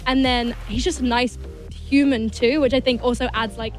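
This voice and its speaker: A woman's voice: on the high side, fairly even intonation, normal speed, faint music behind. A young woman with an English accent, a singer chatting bubbly and casually in an interview, full of "like" fillers. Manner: bubbly, filler-heavy with many likes. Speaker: singer guest.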